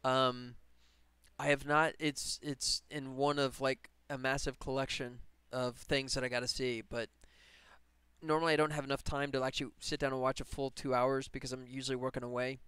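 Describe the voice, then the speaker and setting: A man's voice: mid-range voice, level tone, moderate pace, bright, forceful tone, clear, resonant tone, dry recording. A man chatting casually on a live stream while working on a game, rambling and laughing as he talks. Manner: rambling, enthusiastic, laughs often.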